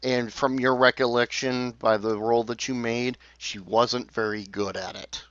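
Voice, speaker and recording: A man running a tabletop game as game master, talking haltingly with many fillers and restarts. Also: mid-range voice, fairly even intonation, a bit bright, lo-fi sound.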